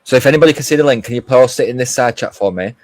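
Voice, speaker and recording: A man's voice: mid-range voice, very fast, a little mellow, no echo. A man, a guest on a live-stream panel, talking bluntly and in an agitated way. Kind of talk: casual live-stream chat.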